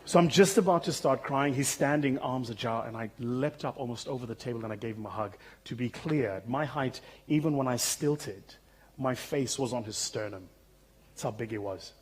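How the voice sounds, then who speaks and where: A South African man with a husky, slightly rough voice delivers a keynote on a conference stage. His pitch sits in a normal middle range, and his storytelling is humorous, vivid and conversational, as if talking straight to the audience through a stage microphone. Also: normal speed. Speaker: keynote speaker.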